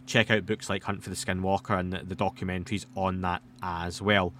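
A man's voice: low voice, level tone, a little fast, fairly bright tone, slight background noise. A man, hosting a podcast and answering listener questions in a casual, rambling way with self-deprecating asides.

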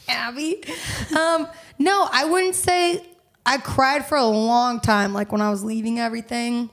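A young woman chatting as a podcast guest, bubbly and quick to laugh, her talk full of "like" and "you know". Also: a little high, a bit bright. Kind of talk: casual podcast conversation.

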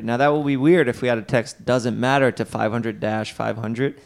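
A man's voice: mid-range voice, fairly even intonation, normal speed, creaky. A man co-hosting a podcast in casual chat, joking and rambling through his complaints and reading ads. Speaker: podcast co-host.

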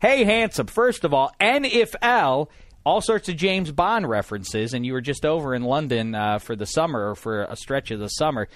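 A man hosting a casual sports podcast, lively and jokey, talking with lots of fillers and restarts. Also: fairly high pitch, moderate pace, dry recording. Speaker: podcast host.

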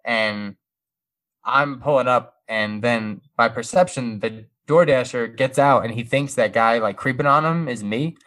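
Animated man telling a casual story. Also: medium pitch, a little slow. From Brooklyn family roots. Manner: animated, swears freely, acts out dialogue.

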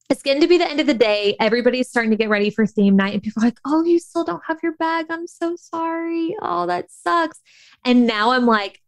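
A woman's voice: mid-range voice, no room sound. A woman telling a personal story in a chatty, casual way, full of fillers and acted-out thoughts. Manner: chatty, many fillers, acts out her own past thoughts.

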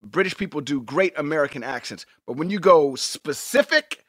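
Bright, animated male podcast co-host. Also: fairly high pitch, normal speed, no room sound, studio quality. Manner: animated, emphatic, swears freely. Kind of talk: casual chat.

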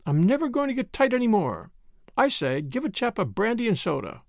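A woman's voice: a little high, big pitch swings, a little fast, darkish tone, no room sound, studio quality, pitched above the performer's own voice. A man voicing a flirtatious, breezy society woman with clipped upper-class phrasing. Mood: teasing.

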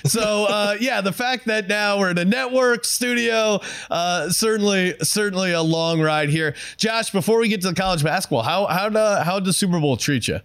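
A man hosting a sports betting show in casual, relaxed banter. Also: high-pitched, normal speed, hardly any pauses, clear, resonant tone, no room sound. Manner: laughs often, relaxed banter.

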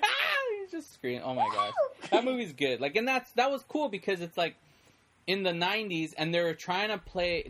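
A person in easygoing conversation, talking in loose, looping sentences that keep doubling back. The voice sits at an ordinary middle pitch, neither high nor low. It sounds like one friend rambling to another. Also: fairly bright tone. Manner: rambling, heavy use of "like", many restarts. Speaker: film fan in conversation. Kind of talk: casual chat.

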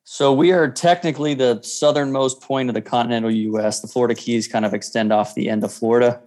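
A man, a boat captain guesting on a podcast, talking in a relaxed, low-key way and laughing easily. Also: fast talker. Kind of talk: casual interview chat.

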